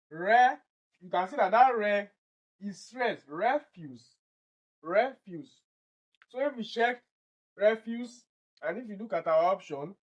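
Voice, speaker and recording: A Nigerian man with a Nigerian English accent, tutoring exam candidates and explaining answers step by step, slowly repeating each word to drill its pronunciation. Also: sits high, highs cut off. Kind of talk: online exam-prep lesson.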